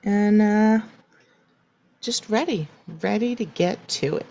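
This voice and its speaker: A woman's voice: mid-range voice, takes it slowly, vocal fry, darkish tone, lo-fi sound. A woman co-hosting a podcast, chatting casually with strong opinions and easy laughter. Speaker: podcast co-host. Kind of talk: casual chat.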